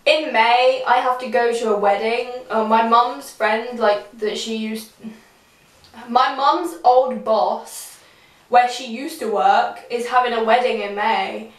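A young woman with a fairly high, fairly even voice speaks slowly to a camera set on a tripod a few feet away in a small room. Her casual vlog chat rambles, full of giggles and self-mockery. The room is echoey, and her voice sounds distant from the camera.

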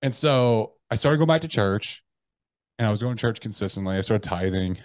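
A man in his thirties speaks as a podcast guest, telling his story candidly in a voice that sits on the low side. He is blunt and swears freely, often breaking off and restarting his sentences. The sound is dry and close to the mic, with no room echo. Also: animated, fairly quick. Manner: blunt, profane, with frequent restarts.

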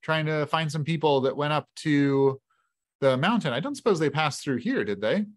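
A man's voice: on the high side, expressive, moderate pace, close to an everyday voice. A man doing a stammering, nervous young traveler. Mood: hesitant. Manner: hesitant, stammering.

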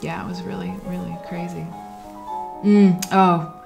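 A woman's voice: fairly low pitch, little pitch movement, a little slow, creaky, over music. A woman hosting a livestream, telling stories in a rambling, reflective way that often trails off. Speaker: livestream host. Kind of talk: casual livestream storytelling. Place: at home while sewing.

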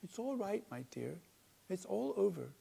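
A man's voice: high-pitched, big pitch swings, normal speed, creaky, dark tone, husky, pitched above the performer's own voice, heavily acted. A dutiful husband from a storybook fable, speaking in a somewhat raised voice, as a man reading aloud puts him on. He sounds plain and earnest. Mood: tender. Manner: groggy then reassuring.

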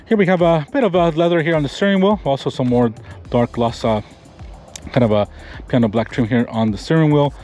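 A man's voice: mid-range voice, darkish tone. A man giving a casual, enthusiastic walkaround review of a pickup truck, pointing out features as he goes. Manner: casual, enthusiastic, talks while pointing things out. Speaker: car reviewer. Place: around and inside a pickup truck.

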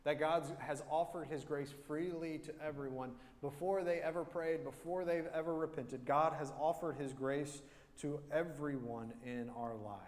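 A man's voice: on the high side, a little mellow. A male pastor preaching an earnest sermon, telling a story and repeating key phrases for emphasis. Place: church sanctuary. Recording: long church reverb.

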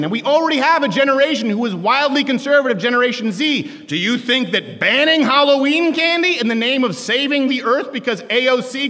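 Loud sarcastic man in an echoey hall. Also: very high voice. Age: 30s. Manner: loud, joking, sarcastic, shouts punchlines. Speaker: political commentator speaking to students. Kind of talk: stand-up style campus speech. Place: large lecture hall with a live audience. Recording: echoey hall, live crowd.

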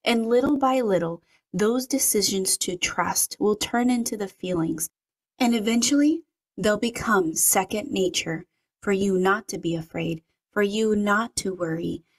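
Earnest woman reading a devotional. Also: medium pitch. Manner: earnest, measured and prayerful. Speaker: devotional reader and commentator. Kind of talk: prayer, scripture reading and devotional commentary.

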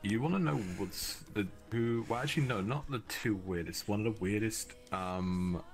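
A man's voice: fairly low pitch, moderate pace, soft background music. A man chatting casually as a stream guest, rambling with fillers and swearing. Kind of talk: casual chat.

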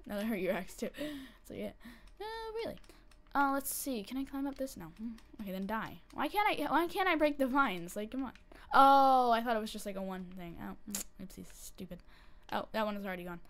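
A woman giving casual commentary while she plays a game, chatty and excitable, breaking into panicky squeals and repeated pleas when things go wrong. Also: on the high side, fairly quick. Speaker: gameplay commentator.

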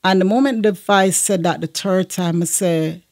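A woman's voice: fairly low pitch, moderate pace, darkish tone. A woman, a guest sharing a personal testimony in an earnest manner, with frequent fillers.

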